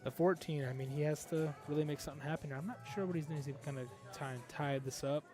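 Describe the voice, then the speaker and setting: A man's voice: fairly high pitch, steady tone, quick pace, over music. A man giving live play-by-play pool commentary, analytical and thinking aloud with frequent fillers. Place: pool hall.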